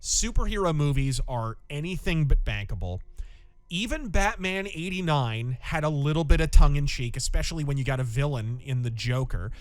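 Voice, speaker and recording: A man's voice: fairly high pitch, expressive, normal speed, no room sound, faint music behind. A male podcast host giving an enthusiastic, opinionated film review with rambling asides.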